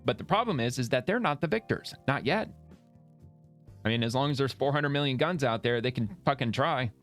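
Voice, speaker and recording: A man's voice: medium pitch, expressive, brisk, a bit bright, soft background music. A man hosting casual political reaction commentary, blunt and profane, rambling and laughing as he talks. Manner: rambling with many restarts.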